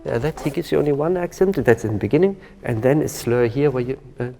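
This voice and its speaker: A man's voice: medium pitch, animated, fast, creaky. A man teaching a violin masterclass, speaking thoughtfully with hesitant phrasing and singing phrases to demonstrate. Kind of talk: masterclass coaching. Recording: reverberant hall with violin music.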